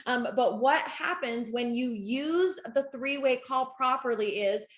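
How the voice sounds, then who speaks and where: A woman coaching a live group call, excitable and quick to laugh, speaking straight to her audience. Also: fairly high pitch, echoey room. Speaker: network marketing coach.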